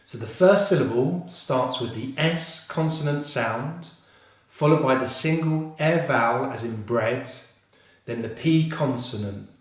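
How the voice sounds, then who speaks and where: A man with a British accent teaching English pronunciation, slowly repeating each sound and encouraging his learners. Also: medium pitch. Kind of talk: pronunciation lesson. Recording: very echoey room.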